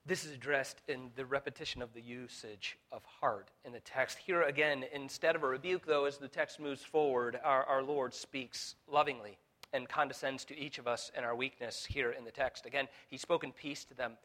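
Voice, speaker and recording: A man preaching a sermon as pastor, building to fervent peaks, with halting restarts and fillers along the way. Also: medium pitch, steady tone, bright, forceful tone. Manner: preaching with rising intensity, voicing Jesus in quotes.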